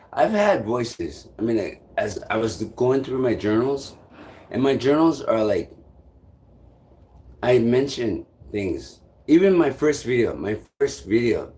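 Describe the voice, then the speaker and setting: Young male vlogger, slightly low voice, halting and rambling, casual live-stream chat. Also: darkish tone. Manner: rambling, halting, swears often, many fillers.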